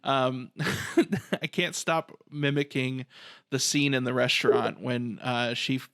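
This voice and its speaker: A man's voice: medium pitch, dry recording. Chuckly guy cohosting a movie podcast, lots of ums, dead dry mic. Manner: animated, chuckling, halting with fillers. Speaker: podcast co-host. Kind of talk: casual film discussion.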